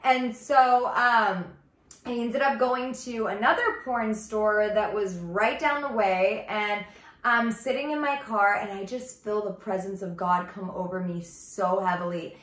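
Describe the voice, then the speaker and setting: A woman's voice: medium pitch, unhurried, a bit bright. A woman telling her personal testimony in a casual vlog, chatty and earnest, with "like" running through her sentences. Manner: chatty, heavy use of "like", earnest and confiding. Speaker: ministry vlogger. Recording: echoey room.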